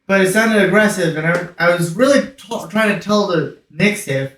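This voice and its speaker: A man's voice: high voice, moderate pace, fairly bright tone, recorded from a distance. A man playing a tabletop game, chatting casually with stammering, eager questions. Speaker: player. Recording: roomy echo.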